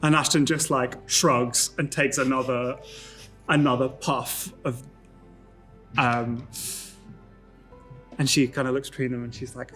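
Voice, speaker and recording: A man running a tabletop game as game master, narrating scenes in a loose, casual way. He pads his descriptions with fillers, and his voice sits at a middling pitch. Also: level tone, measured pace, long pauses, a bit bright, faint music behind.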